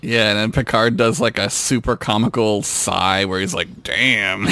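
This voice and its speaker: Male co-host, wry sarcastic quips, very expressive pitch, loose profane humor. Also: measured pace. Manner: wry, sarcastic quips, swearing, frequent laughter. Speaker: podcast co-host. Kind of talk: casual comedic chat.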